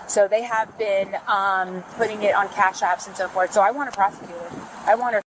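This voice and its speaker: An indignant woman vents to an officer, swearing freely and getting emotional. The audio comes from a noisy body camera, with clear background noise. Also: medium pitch, steady tone, brisk. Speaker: property manager reporting a theft. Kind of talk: emotional complaint to police.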